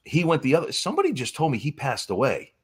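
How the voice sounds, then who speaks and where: A man's voice: quick pace, slightly rough. A man with a New England accent telling wrestling stories as a guest in casual chat, acting out quotes in voices. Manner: animated, acts out quotes with high-pitched voices. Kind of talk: casual storytelling.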